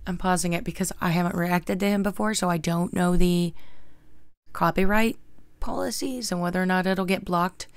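A man's voice: high-pitched, steady tone, normal speed, clear, resonant tone, dry recording. Chatty man hosting a reaction video. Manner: chatty, laughs along with the clip. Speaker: reaction channel host. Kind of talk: casual commentary. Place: home studio. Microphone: desk microphone.

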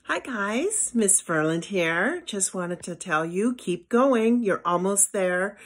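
A woman's voice: medium pitch, animated, takes it slowly. A woman teacher giving her students a heartfelt, encouraging message.

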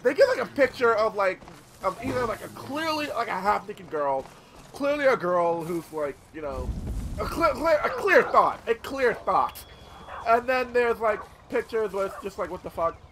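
A man's voice: high-pitched, lively intonation, moderate pace, a bit bright, a little hiss or hum. A man hosting his gaming channel, rambling in casual gameplay commentary with lots of swearing and filler words.

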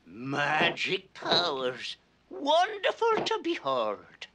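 A performer voicing a wide-eyed, superstitious villager in a 1960s animated musical, speaking slowly and with awe. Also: mid-range voice, noisy background, full character voice. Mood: awed.

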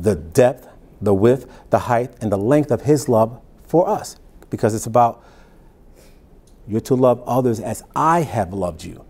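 A man preaching a Bible-teaching sermon as pastor, reading verses slowly and then explaining them in plain, conversational asides. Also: mid-range voice, dark tone.

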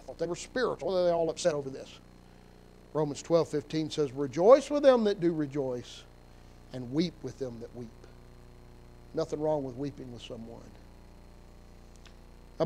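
A man preaching from the pulpit in a high voice. He talks to his congregation in a conversational way, then swells into emphatic peaks. It is a Sunday sermon in a church sanctuary. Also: darkish tone, poor audio. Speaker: pastor.

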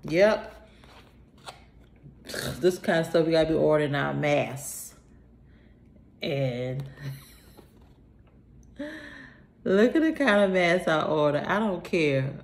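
A woman's voice: low voice, expressive, gravelly. A woman, casually chatting to her viewers while unboxing a package, a little out of breath. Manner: chatty, talks to herself, sighs, drawn-out greetings. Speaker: vlogger.

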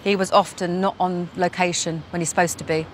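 A woman's voice: lowish voice, flat delivery, fairly quick, a little hiss or hum. A woman in her fifties reminiscing outdoors on a city estate, chatty and pointing things out as she goes. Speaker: interviewee. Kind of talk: reminiscing on location.

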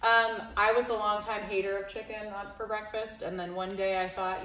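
A woman's voice: medium pitch, little pitch movement, moderate pace, few pauses, reverberant, noisy background. A woman chatting casually during a food taste test, laughing often and playfully dramatic. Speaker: co-host taste tester.

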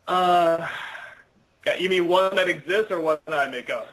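A young man with a fairly high, bright voice answers interview questions over a video call at a moderate pace. He rambles and puts himself down, full of fillers and restarts, in a casual chat as the guest. The audio quality is poor.

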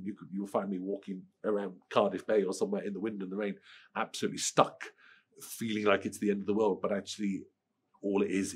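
A middle-aged Welsh man with a cold, answering interview questions in a lively way, often restarting and repeating words. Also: on the low side, slightly rough. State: has a cold. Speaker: screenwriter interviewee.

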